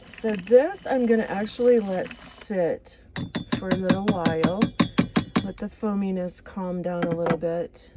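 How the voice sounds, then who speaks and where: A woman speaks at a medium pitch in a steady tone, a little slowly, while cooking in a motorhome kitchen for a casual vlog. She's chatty and rambling, self-deprecatingly laughing at her slips, and the audio is very noisy.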